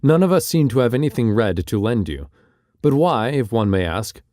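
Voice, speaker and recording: A man's voice: mid-range voice, lively intonation, moderate pace, dark tone, no echo, studio quality, natural voice. A man reading an audiobook, voicing a resentful Englishman who answers shortly but civilly. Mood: curt.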